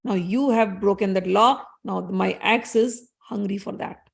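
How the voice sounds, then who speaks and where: A woman's voice: medium pitch, measured pace, creaky. A woman voicing a furious older male warrior-sage who scolds and threatens in a storytelling retelling. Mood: angry. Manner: scolding, accusing.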